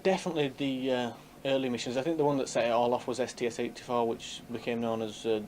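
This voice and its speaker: A man's voice: mid-range voice, level tone, fast, darkish tone, slight background noise. A man who founded a UFO group, talking in a rambling, casual interview with many fillers.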